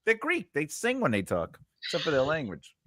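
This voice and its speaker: A man hosts a relaxed live-stream conversation with a bright voice that swings up and down in pitch. He jokes constantly and laughs a lot. The sound is dry and close. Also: fairly quick, no room sound. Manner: joking, laughs often. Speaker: host. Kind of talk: casual live-stream chat.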